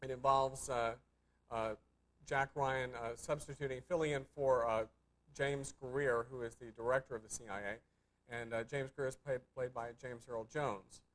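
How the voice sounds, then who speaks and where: Dry, teasing TV film co-host. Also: male voice, medium pitch, fairly even intonation, normal speed, a bit bright, poor audio. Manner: dry, teasing, hesitant with many fillers. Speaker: co-host of a film review show. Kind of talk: casual live TV chat.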